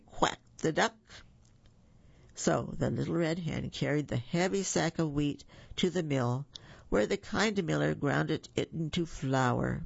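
A storyteller reading children's stories aloud, with gentle chatty asides to the listeners. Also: medium pitch, measured pace, creaky, slightly rough, dry recording. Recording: muffled lo-fi recording.

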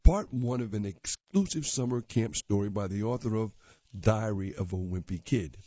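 A man with a low, husky, mellow voice reads a magazine story aloud at a plain, unhurried pace. The recording is dull and lo-fi, and the room is dry. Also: no echo. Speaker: reader.

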